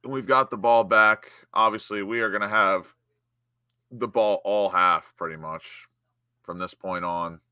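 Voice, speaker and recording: A young man from the United States hosting a live football watchalong, chatting casually and bursting into excited shouts when his team attacks. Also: fairly low pitch, measured pace, clean tone, dry recording, studio quality. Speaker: watchalong host. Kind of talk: live match watchalong commentary.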